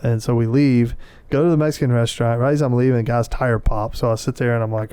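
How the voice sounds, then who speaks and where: A man's voice: mid-range voice, fairly even intonation, fast talker, mellow, smooth, no room sound. A middle-aged man, telling a story in casual podcast chat and acting out his own lines.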